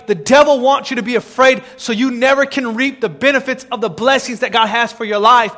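High, bright-voiced preaching man in a hall. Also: fairly even intonation, brisk, hardly any pauses. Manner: impassioned preaching, rising to shouted exhortation. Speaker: pastor. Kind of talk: sermon. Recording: long reverb of a large hall.

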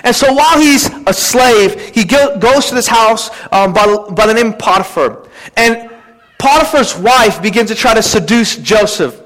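A man's voice: high voice, animated, moderate pace, a bit bright, long reverb tail, poor audio. A man preaching a sermon, retelling a Bible story in a casual, conversational way and acting out the characters' lines. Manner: conversational storytelling, acts out biblical characters in quotes.

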